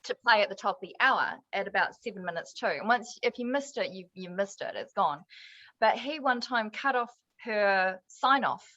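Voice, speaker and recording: A woman's voice: mid-range voice, animated, normal speed, pushed and bright. A woman, a newsreader and TV presenter, chatting as a guest and telling stories with easy laughter. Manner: chatty storyteller, laughs easily. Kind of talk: casual chat. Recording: dull, dry lo-fi sound.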